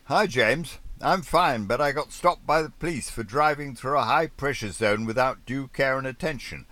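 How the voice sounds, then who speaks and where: A man's voice: medium pitch, moderate pace, sharp tone, dry recording, voice pushed up, natural voice. A man voicing a breezy, joking fellow yachtsman on the radio who speaks in a playful way. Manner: jokey, playful.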